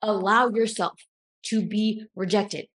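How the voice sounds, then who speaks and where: A woman's voice: medium pitch, steady tone, slow. Blunt, emphatic woman coach. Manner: blunt, emphatic, swears casually. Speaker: self-help coach. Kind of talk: motivational talk to camera.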